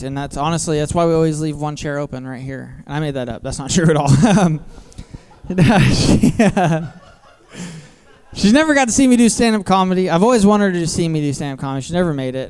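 Telling filthy family stories on a comedy theater stage, a man in his thirties keeps a deadpan, self-mocking tone with crude asides. His voice is smooth and clear through a handheld mic, pitched a little high for a man.

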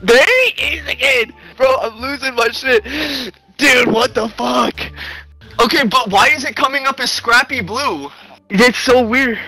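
A young man in casual game voice chat, excitable and rambling, swearing and saying "bro" constantly over a headset mic. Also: extremely high pitch, a little slow, soft background music, low-quality recording. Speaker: online player in game voice chat.

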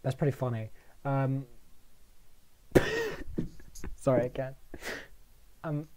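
A man delivers a rambling, mock-outraged rant, heavy with swearing and stammered restarts. His voice has a dark, mellow timbre at an ordinary middle pitch. The indignation is exaggerated for comic effect. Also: steady tone, takes it slowly, long pauses. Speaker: video maker.

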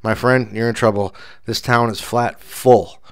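A man voicing a weary young male car-rental clerk who answers slowly and patiently. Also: mid-range voice, fairly even intonation, clear, resonant tone, no echo, clean studio sound, lightly acted.

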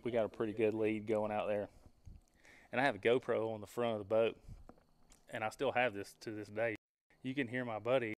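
A man hosting a casual podcast, telling a hunting story in a lively way and laughing as he goes. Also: on the low side, a little fast, pauses often.

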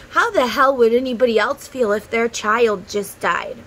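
A woman's voice: a little high, moderate pace, few pauses, slight background noise, poor audio. A woman in her thirties talking to her viewers in a heartfelt, rambling way, close to tears. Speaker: tarot content creator. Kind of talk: casual monologue to camera.

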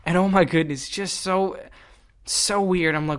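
A young man hosting a solo podcast, telling stories in an animated, exasperated way. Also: high voice, measured pace, smooth. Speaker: podcast host.

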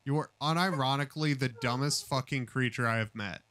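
A man's voice: a little fast, fairly bright tone, no echo. A man on a call, streaming a crude comedic rant, hurling profane insults with sudden shrieks. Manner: insulting, profane, wildly swinging pitch. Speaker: streamer debating a cat.

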